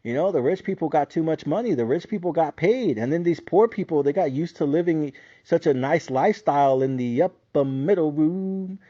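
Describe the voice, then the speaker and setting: A man with a high voice rants heatedly and profanely as a solo podcast host. His swearing is steady, and he breaks into mocking voices. The audio is dull and lo-fi. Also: normal speed, few pauses. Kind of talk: solo ranting commentary.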